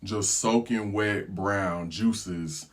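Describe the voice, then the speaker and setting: A man telling a storytime vlog in a casual, slangy way. He tells it with animated energy and breaks into laughter. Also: lowish voice, extremely slow. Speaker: travel vlogger.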